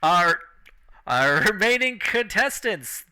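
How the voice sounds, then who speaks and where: Boisterous fantasy contest announcer, pitched up and punchy, a male game master doing the voice. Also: sing-song, takes it slowly, pushed and bright, clean tone, exaggerated voice. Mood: hyped. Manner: showman's patter, joking.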